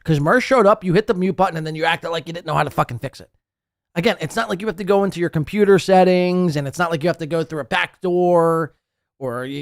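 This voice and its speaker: A man hosting a casual podcast, mocking the others and ranting, with animated impressions of them. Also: high-pitched, gravelly, no echo, clean studio sound. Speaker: podcast host. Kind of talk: casual commentary over a group call.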